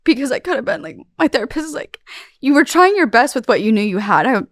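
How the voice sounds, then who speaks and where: A woman's voice: high-pitched, sing-song, fast, no room sound, studio quality. A woman in her thirties speaking as an interview guest, candid and emotional, rambling with many fillers and restarts.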